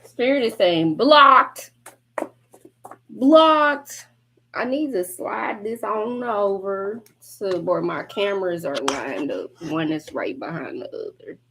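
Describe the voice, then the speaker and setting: A woman's voice: medium pitch, expressive, measured pace, creaky, few pauses, a little mellow, slight background noise. Blunt, chatty woman tarot reader. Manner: blunt, profane, chatty, laughs often. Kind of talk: casual livestream collective reading.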